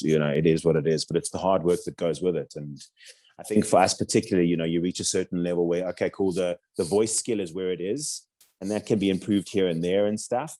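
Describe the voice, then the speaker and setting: A man's voice: low-pitched, a little mellow. A man with a South African accent, a voice-over artist and coach chatting in an interview, rambling with lots of restarts and fillers. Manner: rambling, chatty, many restarts and "you know what I mean". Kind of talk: casual interview chat.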